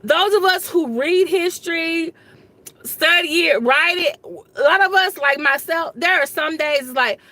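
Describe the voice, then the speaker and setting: A woman's voice: very high-pitched, measured pace, bright, forceful tone. A woman who teaches history and government, giving casual political commentary straight to her viewers in a rambling, exasperated way, saying "y'all" often. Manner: colloquial, says "y'all".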